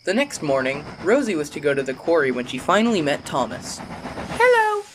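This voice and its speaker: A narrator telling a children's toy-train story in an expressive, storybook manner. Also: mid-range voice, brisk, noisy background.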